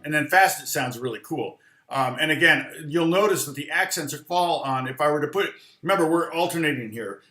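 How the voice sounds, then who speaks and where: A man's voice: a little high, normal speed, bright, forceful tone, roomy sound. A man teaching guitar in a loose, rambling live lesson, humming rhythms aloud between explanations.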